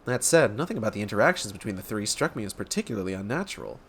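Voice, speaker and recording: A man's voice: lowish voice, sing-song, rapid-fire, creaky, breathy edge, pitched below the performer's own voice, full character voice. A man voicing a dry, sarcastic young female reporter.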